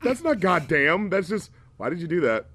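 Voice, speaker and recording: A man's voice: sits high, moderate pace, breathy edge, no echo. A man talking as a podcast guest, rambling and swearing as he tears apart an album in casual chat. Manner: profane, rambling, animated.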